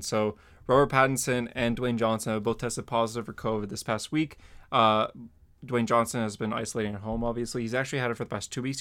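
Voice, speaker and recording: A man's voice: medium pitch, fairly bright tone. Rambling male podcast host. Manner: rambling, lots of fillers and laughs. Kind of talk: casual chat.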